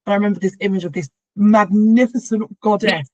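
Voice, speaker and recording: A woman hosting a podcast as a doula, telling a birth story in a warm, effusive way. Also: medium pitch, steady tone, a little fast, dry recording. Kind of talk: casual conversation. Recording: dull, slightly lo-fi sound.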